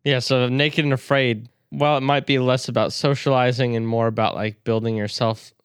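Man, podcast co-host, crude jokey chatter, smooth clear tone. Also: medium pitch, flat delivery, normal speed, no echo, clean studio sound. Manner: crude, joking banter. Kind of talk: casual chat.

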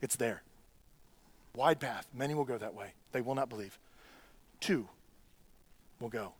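A man preaching a sermon, conversational and earnest, dropping to quiet asides and climbing to loud, rising exhortation. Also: medium pitch, a little slow, husky. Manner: conversational preaching with restarts and plain talk. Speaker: pastor.

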